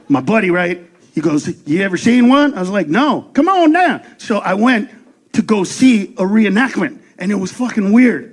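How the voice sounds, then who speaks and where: A man doing a profane stand-up comedy set, ranting fast, shouting punchlines and acting out voices. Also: very high-pitched.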